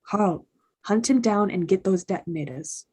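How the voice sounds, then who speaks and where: A woman's voice: mid-range voice, normal speed, darkish tone, husky, lightly acted. A woman reading the part of a villain smitten with the hero, stammering and babbling in a comedic staged reading. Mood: scheming.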